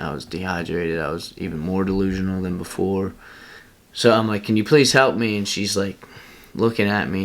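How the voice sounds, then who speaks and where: Young male vlogger, deep voice, casual rambling storyteller who laughs at himself. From Pennsylvania.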